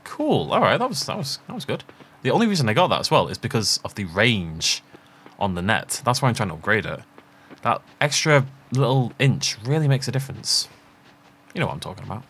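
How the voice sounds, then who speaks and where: A man's voice: mid-range voice, fairly bright tone, husky. A man giving chatty let's play commentary, thinking aloud and laughing often as he plays. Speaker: gaming channel host.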